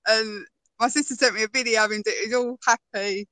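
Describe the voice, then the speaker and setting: Bright, chatty woman. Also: fairly high pitch, fairly even intonation, a little fast, no room sound, poor audio. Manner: chatty storyteller, laughs often. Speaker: guest. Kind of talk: casual conversation.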